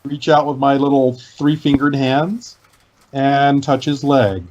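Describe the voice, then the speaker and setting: A man playing a tabletop game who describes his actions in a careful, deliberate way. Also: mid-range voice. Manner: deliberate, speaks in character at times. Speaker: player. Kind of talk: casual tabletop game chat. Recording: lo-fi with faint background noise.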